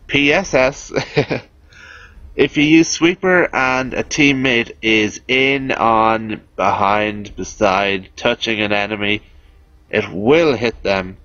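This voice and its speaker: A man's voice: lowish voice, fairly bright tone, no room sound, highs cut off. A man giving casual, chatty, self-amused commentary over a video game as he explains weapons. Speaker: game guide host.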